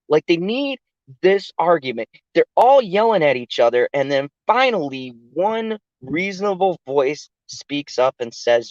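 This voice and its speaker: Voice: mid-range voice, measured pace, no room sound. Chatty, swearing TV reviewer on a dull lo-fi mic. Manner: animated, chatty, swears freely. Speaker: TV show reviewer. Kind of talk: casual spoken TV review.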